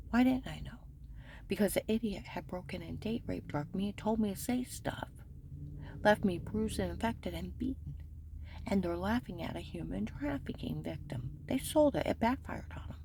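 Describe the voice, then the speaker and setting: A woman's voice: fairly low pitch, normal speed, gravelly, darkish tone, a little hiss or hum. A woman giving a rambling, urgent personal account, often dropping into a whisper.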